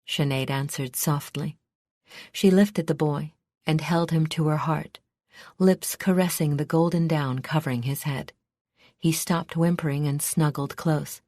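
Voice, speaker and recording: A woman reading a fantasy audiobook in a measured, steady storytelling manner. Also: deep voice, dry recording, studio quality. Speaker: audiobook narrator. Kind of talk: scripted narration.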